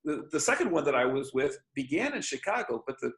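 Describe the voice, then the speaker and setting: A man in his fifties from Michigan tells stories earnestly over a video call, his voice pitched fairly high for a man. The room around him is echoey, and he brings the people in his anecdotes to life with animated quotes. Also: fast talker. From Michigan, USA. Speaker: author and missionary preacher. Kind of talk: casual interview over a call.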